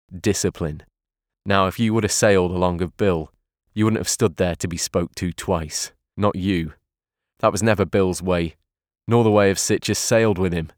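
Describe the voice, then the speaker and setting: A fawning, sneering old pirate, as a man puts him on, who wheedles and coaxes in a sly, low voice. He talks like an old seadog from a storybook, half friendly and half threatening. The sound is dry and close. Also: no echo, close to an everyday voice. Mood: wheedling.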